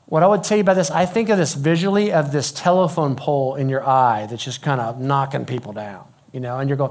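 A middle-aged man preaching a sermon in a conversational, emphatic way, dropping to a hush when he quotes people. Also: medium pitch, a little fast, few pauses. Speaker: pastor.

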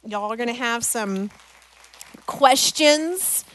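Animated middle-aged woman telling a faith story. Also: fairly high pitch, takes it slowly, some chatter behind. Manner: emotional, animated storytelling, addresses listeners as "guys". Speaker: speaker addressing a parents' group. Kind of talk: personal storytelling talk with scripture.

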